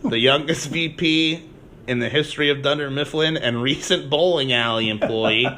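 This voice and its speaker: A man hosts a podcast with a bright, forceful voice at an average pitch. He recaps an episode in a chatty way and laughs often, and faint noise hums behind him. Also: normal speed. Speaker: podcast host.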